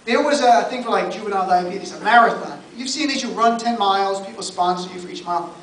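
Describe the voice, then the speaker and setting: A New Jersey stand-up comic performs live at a comedy club, bantering with the audience and throwing in mock-exasperated asides. He's a fast talker with a high voice. The club sound is roomy and distant, full of loud crowd noise, audience laughter and chatter.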